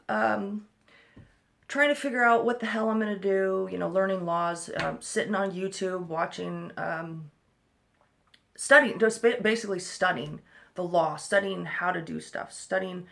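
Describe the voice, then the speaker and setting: A woman's voice: medium pitch, gravelly, fairly bright tone. A woman speaking as the mother of an autistic child, giving blunt, emphatic advice to other parents in a rambling monologue with casual swearing, recorded in a room at home.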